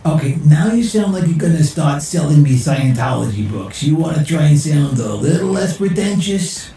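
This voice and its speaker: A man voicing a sarcastic male AI sidekick who heckles in casual slang, with a gravelly voice. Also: on the high side, expressive, normal speed, dark tone, a little hiss or hum. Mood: snarky. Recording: very echoey room.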